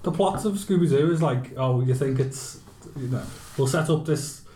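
A man's voice: mid-range voice, dark tone. A man co-hosting a podcast, rambling and restarting his sentences as he explains a comparison. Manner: rambling, halting, restarts often. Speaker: podcast co-host. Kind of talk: casual podcast chat. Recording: roomy echo.

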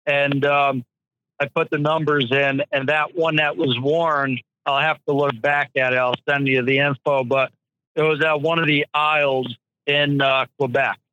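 Male guest, bright tone, relaxed and chatty. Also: on the high side, a little slow, muffled recording, a little hiss or hum. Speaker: guest, shotgun expert. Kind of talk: casual podcast chat.

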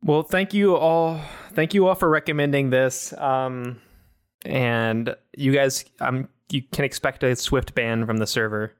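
Smooth-voiced teasing man. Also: medium pitch, a little slow. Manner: dry teasing jokes. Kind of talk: casual chat on a video call. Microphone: video call.

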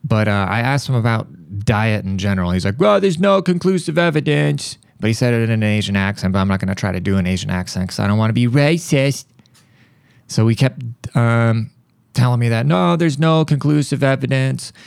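A man hosting a podcast, telling a rambling story in a casual, profane, animated way. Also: lowish voice, fairly quick, clean tone, dry recording, studio quality. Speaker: podcast host.

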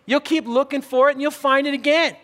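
A middle-aged male pastor preaching a sermon, telling stories with lively swings between loud outbursts and quiet, low asides. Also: fairly quick. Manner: animated storytelling, swings from shouted outbursts to hushed low talk. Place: church hall. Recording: church hall with long reverb.

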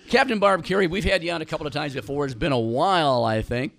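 Man, radio host, hoarse voice, jokey rambling chat. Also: fairly high pitch, fast talker, fairly bright tone, no room sound. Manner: jokey, rambling, with stammered restarts. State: hoarse from cheering.

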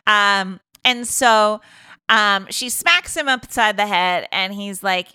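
Bright, chatty woman podcaster. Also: medium pitch, slow pace, clear, resonant tone, no room sound, clean studio sound. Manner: chatty, rambling, lots of fillers. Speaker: podcast co-host recapping a film. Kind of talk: casual chat.

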